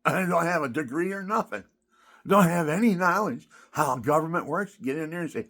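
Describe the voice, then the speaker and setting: A man ranting in a rambling monologue, his voice gravelly and husky and pitched somewhat high. He swings between loud, indignant outbursts and hushed, half-whispered asides. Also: animated, brisk.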